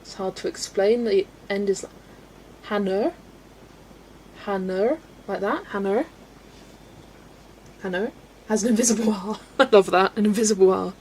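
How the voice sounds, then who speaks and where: A woman's voice: mid-range voice, steady tone, a little fast, few pauses, a little mellow, low-quality recording. Woman from Belgium, livestream host; chatty, giggly, casual, faint hiss under the voice. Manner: chatty, laughs often, stumbles over names. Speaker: livestream host reading chat. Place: home, colouring at a desk.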